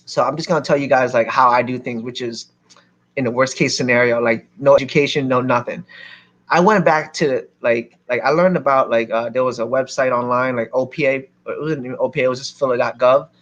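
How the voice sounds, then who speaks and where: A man from Philadelphia telling a lively story to a seminar audience as a real estate investor, acting out the people in it. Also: mid-range voice, fairly quick, muffled recording. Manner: animated, acts out other people's lines.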